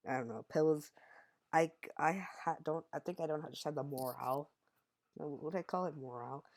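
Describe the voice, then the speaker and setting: A man's voice: on the high side, fairly quick. A young man telling a childhood story in a casual, rambling way, often correcting himself mid-sentence. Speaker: storyteller vlogger.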